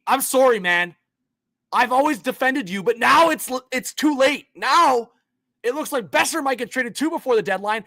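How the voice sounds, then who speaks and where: A man hosting a hockey livestream, ranting casually with slang and swinging between muttering and shouting in disbelief. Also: very high-pitched, dry recording, studio quality. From Canada. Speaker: hockey YouTube livestream host. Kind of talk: live-stream hockey rant.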